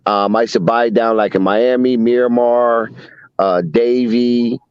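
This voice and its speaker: A man's voice: mid-range voice, steady tone, measured pace, darkish tone, clear, resonant tone, no echo. A man in casual chat, telling laid-back stories with trailing asides. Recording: dull dry lo-fi sound.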